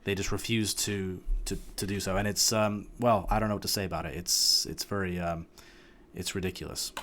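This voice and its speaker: A man's voice: low voice, steady tone, a little fast, fairly bright tone. Hesitant male reaction host. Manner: hesitant, many restarts, frustrated. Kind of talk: casual commentary.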